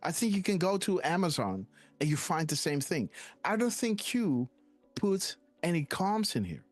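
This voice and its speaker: A man's voice: sits high, sing-song, moderate pace, soft background music. A man hosting a live decoding stream, rambling and hesitant, often tagging "guys, right?" onto his sentences. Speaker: host.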